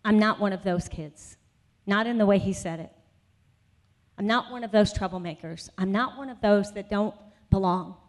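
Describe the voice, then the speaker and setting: A woman's voice: medium pitch, normal speed. A woman speaker at a conference sharing a personal testimony in a sermon, telling her story conversationally with many asides and building to emphatic conviction. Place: conference session.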